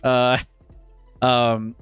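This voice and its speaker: A man's voice: mid-range voice, completely flat delivery, drawn-out words, fairly bright tone, smooth, no echo, soft background music. A man co-hosting a casual sports chat show, who laughs often and talks in a loose, chatty way. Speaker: co-host.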